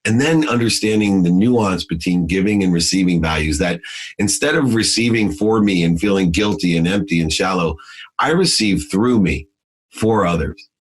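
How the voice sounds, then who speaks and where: A man's voice: low-pitched, moderate pace. A man telling his story as an interview guest, intense and emphatic in a motivational way.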